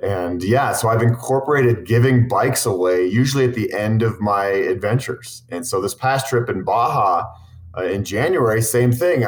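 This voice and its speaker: A man who makes cycling videos, answering interview questions with long, earnest, enthusiastic stories, full of restarts. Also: medium pitch. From Boulder, Colorado. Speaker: cycling content creator.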